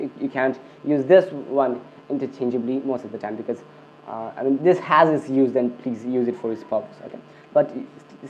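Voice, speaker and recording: A coding tutor with a mid-range, darkish voice runs a screencast lesson. His speech is peppered with "okay" and "I mean," and he often restarts sentences. It's a dull lo-fi recording with slight background noise.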